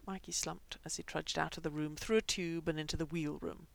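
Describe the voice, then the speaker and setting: Gravelly-voiced woman reading a story aloud. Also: low voice, a little fast, few pauses. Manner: expressive, animated narration. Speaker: reader. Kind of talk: reading fan fiction aloud.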